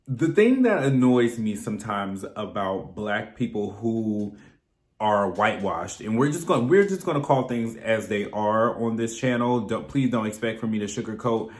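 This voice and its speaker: A man hosting his own commentary channel, talking bluntly and with plenty of swearing. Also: on the low side. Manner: blunt, animated, profane. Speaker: reaction channel host. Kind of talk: casual commentary. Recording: roomy echo.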